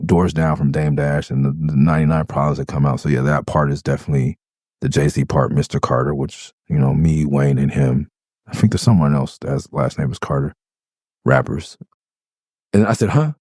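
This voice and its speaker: Casting note: middle-aged man, low and mellow, rambling storyteller who keeps dropping into goofy voices, dry close sound. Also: steady tone, a little fast, dry recording. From Los Angeles. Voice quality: calls his own voice high pitched. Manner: rambling, laughs, breaks into funny character voices. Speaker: rapper breaking down his own song. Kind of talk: casual storytelling commentary.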